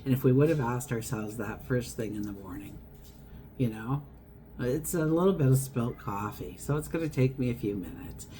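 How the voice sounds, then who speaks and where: A woman's voice: very deep voice, moderate pace, warm tone, slight background noise. A woman giving a casual tarot horoscope reading, chatty and wandering, acting out everyday scenes as she talks. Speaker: tarot reader.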